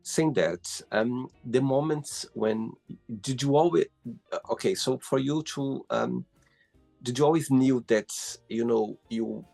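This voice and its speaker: A man hosting a casual interview, teasing his guest and asking halting questions. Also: medium pitch, vocal fry, mellow, faint music behind. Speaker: interview host. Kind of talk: casual interview over a call.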